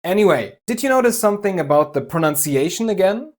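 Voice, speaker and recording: A man from Germany with a German accent, giving a clear, methodical language lesson with light humor. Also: high voice, expressive, quick pace. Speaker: language teacher. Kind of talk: scripted explanatory lesson.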